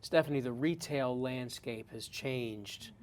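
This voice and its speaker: A man's voice: medium pitch, slow, slight background noise. A man hosting a local TV interview show and asking friendly, conversational questions. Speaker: TV host.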